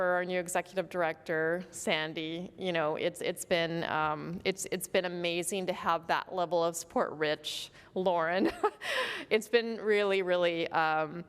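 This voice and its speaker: A woman in her fifties giving an emotional, grateful farewell speech as outgoing union president, with many fillers. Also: on the low side. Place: large convention hall. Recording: long hall reverb.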